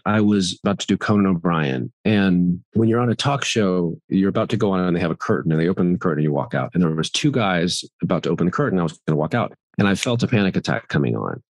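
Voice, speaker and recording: A middle-aged man talking candidly as an interview guest, earnest and animated, acting out his inner voice at times. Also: lowish voice, dry recording, clean studio sound. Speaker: guest actor.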